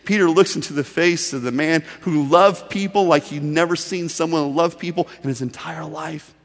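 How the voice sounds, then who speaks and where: A male pastor preaching a sermon in a storytelling way, swinging from loud emphasis to soft, intimate delivery. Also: fairly high pitch, normal speed, big-room sound.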